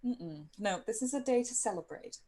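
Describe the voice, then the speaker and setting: A woman's voice: medium pitch, lively intonation, moderate pace, dark tone. A woman player in a tabletop game, describing her character's actions in a rambling way with fillers. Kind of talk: casual tabletop game chat.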